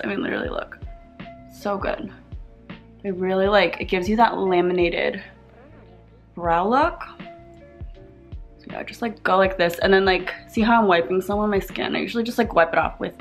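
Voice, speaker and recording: A young woman in her twenties chatting casually through a get-ready-with-me makeup vlog in her apartment, full of fillers. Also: mid-range voice. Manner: chatty, lots of fillers, talks while doing makeup. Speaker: beauty vlogger.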